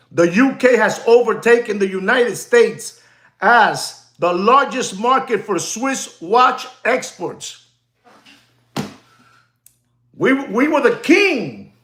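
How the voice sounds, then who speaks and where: A man's voice: very high-pitched, bright, forceful tone, echoey room. A man who deals in watches, speaking in an emphatic, repetitive vlog rant full of heckling. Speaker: watch dealer.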